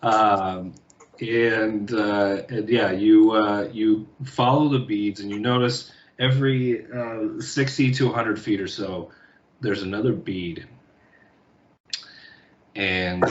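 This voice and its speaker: A man narrating a tabletop game as game master, in an unhurried, halting way with pauses. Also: on the low side, fairly even intonation, roomy sound, muffled recording.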